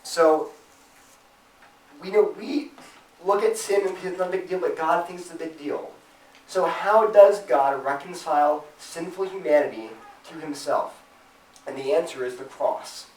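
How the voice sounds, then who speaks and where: A man's voice: a little high, unhurried, darkish tone, slight background noise. Earnest man lecturing in a roomy hall. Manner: earnest, emphatic, acts out imagined objections in a raised voice. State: choked up with emotion at times. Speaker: speaker at a campus Christian group. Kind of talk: apologetics talk to students. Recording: roomy, distant from the mic.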